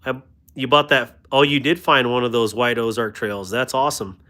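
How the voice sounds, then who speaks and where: On a casual knife livestream, a male host talks knives, reads out viewer comments and pokes fun at himself. His voice sits at a medium pitch with fairly even intonation, moving at a moderate pace. He's chatty and self-deprecating, warmly thanking his viewers.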